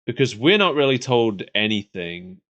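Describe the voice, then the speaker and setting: With a mid-range, slightly bright voice and big pitch swings, a man co-hosts a podcast at a moderate pace. He casually reviews an old cartoon and laughs a lot.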